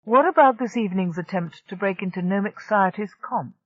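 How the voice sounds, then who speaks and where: A smooth, cool crime-family boss's enforcer, as an audiobook reader voices him, measured and quietly menacing. He sounds close and dry, with a slightly dull, lo-fi tone. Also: mid-range voice, no room sound, lightly acted. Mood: cool menace.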